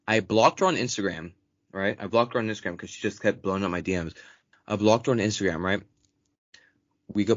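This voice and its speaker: This is a fairly low-pitched young man, a podcast co-host, recounting a story in casual chat. Profanity comes often, and he performs other people's words animatedly in a raised voice. The recording is dry, dull and lo-fi.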